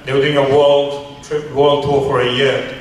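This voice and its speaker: A man, a charity founder, recounting a story in a radio interview in an earnest, halting way with many restarts. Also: medium pitch, level tone. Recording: echoey room, far from mic, faint hiss.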